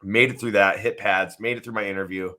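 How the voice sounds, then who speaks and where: Deep-voiced guy in his 30s, interview guest, stops and restarts a lot, emotional. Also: steady tone, sharp tone. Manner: halting, restarts often, emotional. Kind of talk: candid personal storytelling.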